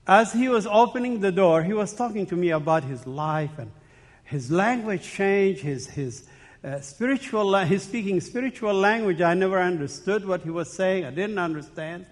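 A man with a high voice gives a personal testimony as a sermon, telling his story in short, emphatic, dramatic phrases. His voice rings with the long reverb of a large hall. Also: lively intonation, moderate pace. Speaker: speaker giving a personal testimony.

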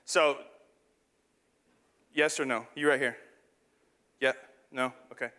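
A man's voice: mid-range voice, steady tone, takes it slowly, pushed and bright, in a large hall. A man preaching a sermon in a church, playfully acting out an illustration with a volunteer on stage. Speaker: pastor. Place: church hall.

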